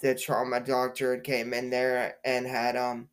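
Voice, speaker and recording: A man hosts a casual podcast in a mid-pitched voice. He talks slowly and loosely, circling back on his words and filling the gaps with ums and likes. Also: completely flat delivery, smooth. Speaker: podcast host.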